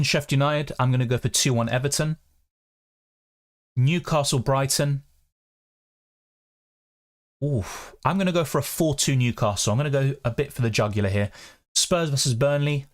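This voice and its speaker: A young man hosting a live question-and-answer stream, chatting quickly and reading out viewer comments. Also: mid-range voice. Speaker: fantasy football streamer.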